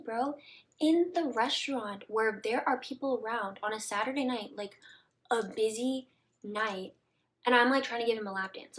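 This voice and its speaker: A young woman telling a personal story to her viewers in a casual, chatty way, full of "like" fillers and dropping into soft murmurs. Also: medium pitch, steady tone, moderate pace. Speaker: vlogger.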